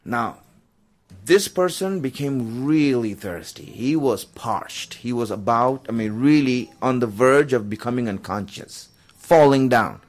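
Speaking at a measured pace in a medium-pitched, animated voice, a man delivers a storytelling sermon. It's loose and conversational, full of asides, fillers, and chuckles as he tells it.

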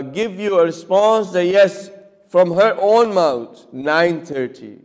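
Lecturing to a class, this man poses questions to his audience and performs brief examples. He has a high-sitting, slightly mellow voice, and the room carries a long hall reverb.

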